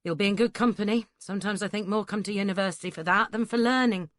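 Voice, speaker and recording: A woman voicing a gruff, wry northern English farmer who teases with blunt questions, in a northern accent. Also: medium pitch, fast talker, dry recording, studio quality, lightly acted. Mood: dry amusement.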